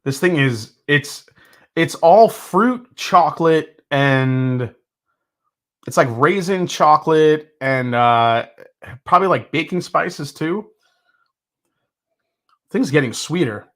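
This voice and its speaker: A man hosting a live whiskey tasting, talking in a rambling, excitable way with lots of fillers and restarts. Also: fairly high pitch, slow pace, long pauses. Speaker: whiskey reviewer, host. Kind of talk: casual live tasting review.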